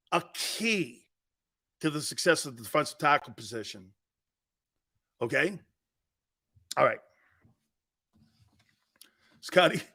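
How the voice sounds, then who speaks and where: A man's voice: a little high, bright, forceful tone. A man hosting a sports talk show, blunt and brash, trash-talking callers and hammering his points home with a repeated "Okay?".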